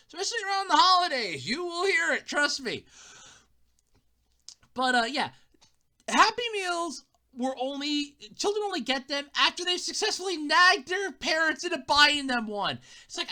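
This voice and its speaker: Lady doing a podcast rant, sarcastic and laughing a lot, super expressive. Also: high voice. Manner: animated, sarcastic, laughs often. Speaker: podcast host. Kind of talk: casual comedic podcast monologue.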